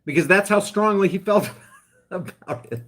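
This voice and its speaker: A man hosting a live stream, ranting in a heated, emphatic way, then dropping into quieter asides to his viewers. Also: high-pitched, expressive, normal speed. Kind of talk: impassioned live-stream rant.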